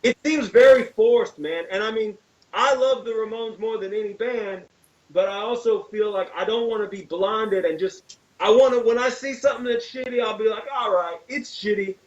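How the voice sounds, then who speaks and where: A man's voice: high voice, moderate pace, darkish tone, distant mic, highs cut off. A man guest chatting casually on a video call, emphatic and opinionated, swearing freely. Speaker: interview guest.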